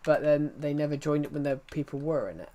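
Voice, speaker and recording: A man's voice: fairly high pitch, fast, warm tone. A man live-streaming a game, chatting casually and rambling to his viewers. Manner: rambling, chatty, talks to himself. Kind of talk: casual live-stream chat while gaming.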